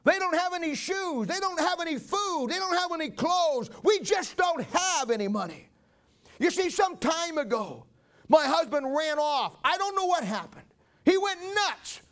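A man's voice: extremely high pitch, lively intonation, normal speed, a bit bright, voice pushed up. A man playing a tearful, desperate mother. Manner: tearful, pleading. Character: desperate, weeping mother of small children.

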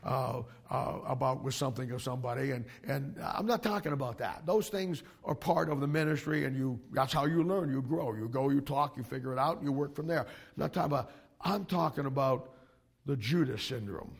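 A male pastor preaching to young ministry students, emphatic and animated, with frequent restarts. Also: medium pitch, brisk, gravelly, slightly rough.

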